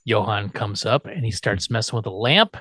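A man's voice: fairly low pitch, moderate pace, no echo. A man hosting a podcast, recapping a TV episode in casual chat with wry asides. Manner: animated, wry asides, laughs often. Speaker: podcast host.

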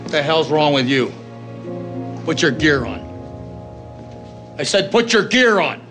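An actor playing a tough, furious male hockey coach who yells at his players in a film scene, with music behind. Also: a little high, sing-song, a little slow. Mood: angry. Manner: yelling, harsh, berating.

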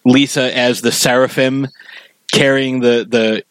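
A man's voice: mid-range voice, level tone, measured pace, a bit bright, smooth, no echo, poor audio. A man co-hosting a podcast, chatting casually about favorite cartoon episodes and quoting scenes in put-on voices. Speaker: podcast co-host.

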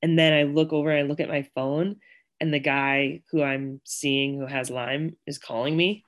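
A woman's voice: deep voice, fairly even intonation, moderate pace. A young woman talks as an interview guest, loose and chatty, full of likes and ums. She tells her story by acting out what people said. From Connecticut and Virginia, US. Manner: chatty, many fillers, acts out quoted voices.

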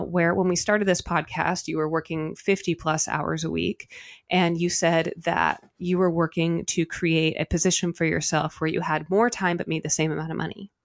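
A woman co-hosting a casual spiritual podcast, animated and swearing now and then, a little out of breath. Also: lowish voice, creaky, dry recording, clean studio sound. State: slightly out of breath. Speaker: podcast co-host.

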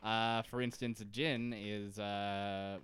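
A man's voice: lowish voice, flat delivery, slow pace, fairly bright tone, clear, resonant tone. A man co-hosting a casual comedy podcast, recapping an episode, laughing often and acting out characters' lines. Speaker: podcast co-host.

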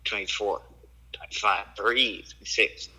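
A man's voice: on the low side, a little slow, husky, low-quality recording. A man in a casual chat who giggles and teases, counting aloud as he talks. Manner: giggly, teasing, counts out loud.

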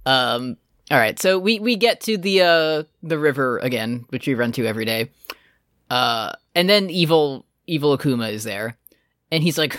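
A man's voice: medium pitch, expressive, moderate pace, a bit bright, dry recording, clean studio sound. A man co-hosting a casual podcast, recapping an anime episode and acting out characters' lines for laughs. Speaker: podcast co-host.

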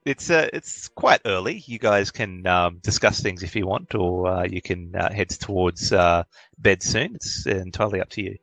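Man, game master, very deep voice, halting narration, lots of ums. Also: creaky, a bit bright, no room sound. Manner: halting, many ums and uhs.

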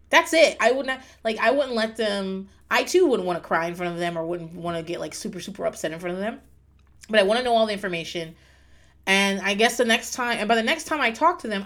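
A woman's voice: mid-range voice, a bit bright. A woman recapping a reality show in a casual, blunt monologue, swearing freely and laughing often.

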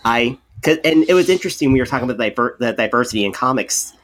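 Male podcast co-host, everyday mid voice, animated rambling storyteller. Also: mid-range voice, fast talker. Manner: rambling, many restarts and repeated words; animated storyteller, acts out quoted people. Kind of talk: casual podcast chat.

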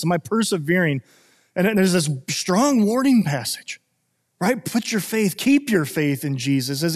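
A male pastor preaching a sermon in an earnest way, with many fillers and restarts. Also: on the high side. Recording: long reverb of a hall.

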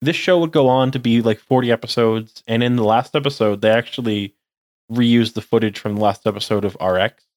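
A man's voice: medium pitch, steady tone, fairly quick, a little mellow, no echo, clean studio sound. A young man co-hosting a casual podcast chat, rambling with lots of "like". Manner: rambling, heavy use of "like". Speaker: podcast co-host.

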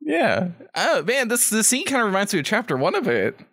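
A man's voice: sits high, wildly swooping pitch, a little fast, a bit bright. A man co-hosting a podcast who laughs often and chimes in with short jokes during a casual chat. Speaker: podcast co-host.

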